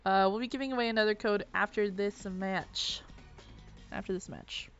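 A woman streaming a video game, giving excitable live commentary, yelling and swearing at the game. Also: mid-range voice, normal speed, muffled recording, faint music behind.

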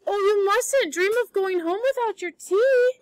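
A woman's voice: sits high, moderate pace, sharp tone, dry recording. A woman reading aloud as a talkative, imaginative girl, pleading with breathless restarts.

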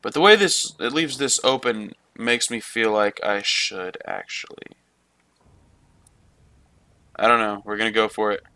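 A man talking his way through a game in a let's play, with a bright, forceful voice. He swears freely and keeps up a running chat with himself and the screen. The sound is close and dry. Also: fairly low pitch, measured pace, pauses often, clean tone, no room sound. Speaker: gamer. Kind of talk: let's play gameplay commentary.

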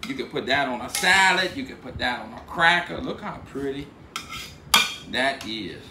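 A man's voice: mid-range voice, expressive, normal speed, noisy background. Laid-back Cajun man cooking, echoey. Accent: Cajun Louisiana. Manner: laid-back drawl, says "dude" a lot. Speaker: cooking channel host. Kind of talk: cooking video narration.

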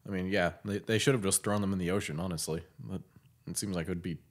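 Joking low-voiced male co-host. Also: fairly even intonation, quick pace. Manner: laughing, joking, casual with swearing. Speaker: podcast co-host. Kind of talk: casual film commentary.

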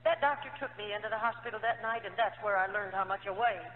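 A woman's voice: mid-range voice, quick pace. A former nun giving an emotional personal testimony, telling her story earnestly and acting out the dialogue of the people in it. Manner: earnest storytelling, acts out quoted dialogue, frequent "you know". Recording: tinny lo-fi archive recording in an echoey hall.

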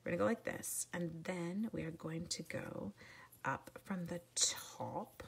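A woman's voice: lowish voice, measured pace, gravelly. A middle-aged woman from Canada leading a live card-making demo, chatty and jokey, greeting viewers by name and slipping into whispers. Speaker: stamping demonstrator.

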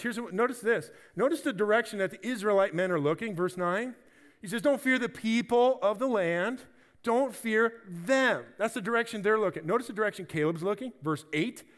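A man preaching a sermon as senior pastor, animated, acting out biblical figures and dropping to quiet emphasis. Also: sits high, fast talker, long reverb tail. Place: church sanctuary.

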